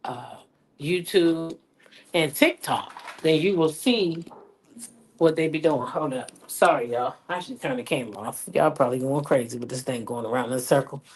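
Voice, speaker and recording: A woman's voice: sits low, moderate pace, slight background noise, rough recording. A woman hosting a casual live stream from her backyard, chatty and greeting viewers by name, a little stuffy from a cold. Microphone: phone on a selfie stick.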